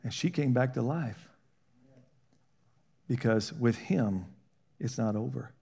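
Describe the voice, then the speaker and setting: A man's voice: medium pitch, slow pace, creaky, dark tone, husky. A man preaching a sermon in a conversational, folksy way, with call-and-response questions and rising emphasis.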